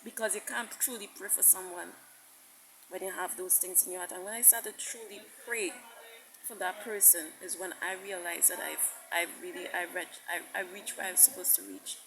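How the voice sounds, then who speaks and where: A woman's voice: fairly low pitch, fairly even intonation, moderate pace. Woman preacher, impassioned sermon, repetitive, restarts often, faint hiss behind. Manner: impassioned, repetitive, quotes God at length. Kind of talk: recorded sermon message.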